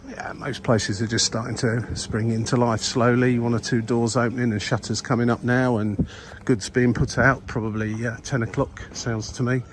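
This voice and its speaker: An older man narrates a walk through old streets, his voice husky from a cold. He rambles wryly with lots of uhs. Clear street noise sits behind him outdoors. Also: mid-range voice, level tone, normal speed, few pauses. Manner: rambling, wry, many ums and uhs. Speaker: vlogger. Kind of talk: walking tour commentary.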